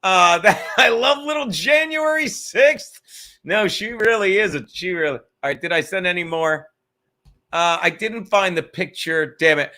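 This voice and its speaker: A man's voice: sits high, normal speed, sharp tone. A man hosting a casual livestream chat, rambling and joking as he tells a story, cursing freely. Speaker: podcast host.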